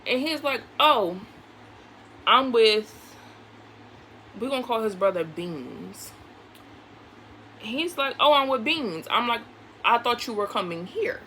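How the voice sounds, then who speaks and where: A woman with a slightly high voice tells a story while she does her makeup. She is chatty and animated, acts out everyone she quotes, and swears casually, with a faint hiss of noise under her voice. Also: slow pace, pauses often, low-quality recording. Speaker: beauty vlogger.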